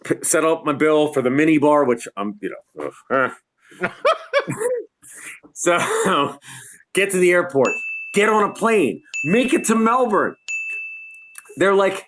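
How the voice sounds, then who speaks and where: A middle-aged man spins a tour story with a swooping, lively pitch, acting out the other people's lines and breaking into laughter. He talks casually from his home, heard through a video call. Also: a little slow, pauses often. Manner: animated storyteller, acts out quotes, laughs often. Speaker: guest lighting designer.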